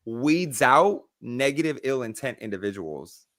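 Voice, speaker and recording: Chatty male podcast co-host, animated storyteller, dry close mic. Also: mid-range voice, unhurried, no echo. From Mexican-American. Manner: animated storyteller, acts out quoted voices. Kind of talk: casual chat.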